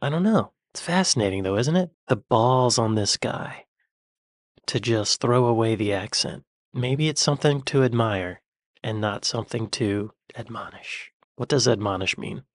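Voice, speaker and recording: American man, reaction video host, casual musing chat, mid pitch, dry close sound. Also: normal speed, dry recording. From United States. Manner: chatty, musing aloud, drops to near-whispers.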